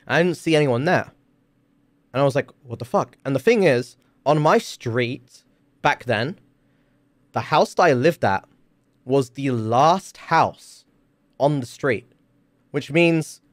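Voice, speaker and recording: Rambling low-voiced male streamer. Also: dry recording. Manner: rambling, full of "like" fillers and swearing. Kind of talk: casual storytelling stream.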